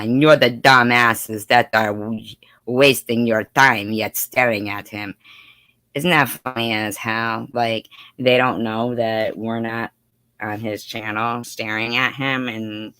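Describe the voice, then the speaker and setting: A man's voice: mid-range voice, bright, forceful tone, clear, resonant tone, dry recording. A man reading out and mocking a livestream chat in a sarcastic, heavily profane way. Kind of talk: casual livestream commentary.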